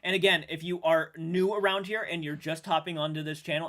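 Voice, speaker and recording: A man streaming live and chatting with viewers, emotional and halting, restarting sentences and swearing now and then while sounding shaken. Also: fairly high pitch, steady tone, sharp tone. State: shaken and upset. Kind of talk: livestream chat with viewers.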